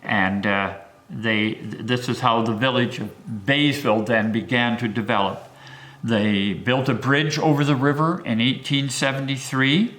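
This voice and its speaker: An older man, a local historian, telling pioneer history as a lively storyteller who swoops his pitch for emphasis. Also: measured pace.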